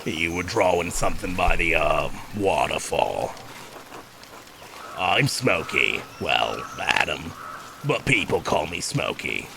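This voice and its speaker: Smokey: a gravelly deep woodsman. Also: expressive, background noise, exaggerated voice. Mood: friendly. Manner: slow, halting delivery. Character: gruff male woodsman, slow and plain. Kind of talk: game dialogue read aloud.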